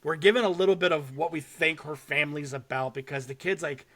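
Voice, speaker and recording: A young man hosting a podcast, casually and excitedly retelling a short horror film with swearing and laughter. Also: a little high, brisk, few pauses. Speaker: podcast host. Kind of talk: casual chat.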